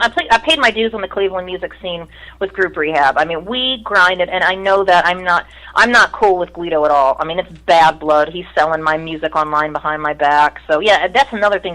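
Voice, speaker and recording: A woman's voice: on the low side, fairly bright tone, poor audio. A middle-aged woman telling stories from her music career in casual, profane talk, mimicking the people in them. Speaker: guest musician. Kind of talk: casual storytelling.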